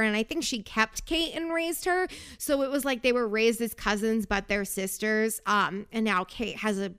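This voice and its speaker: A young woman rambles through a reality show recap, sarcastic and prone to tangents. Her voice sits high and sounds bright and crisp. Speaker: podcast host.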